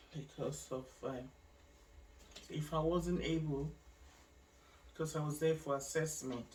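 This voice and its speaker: Emotional woman, distant from mic. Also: low voice. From Nigeria. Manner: emotional, halting, with frequent restarts and religious asides. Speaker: vlogger sharing her life story. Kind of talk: personal testimony vlog.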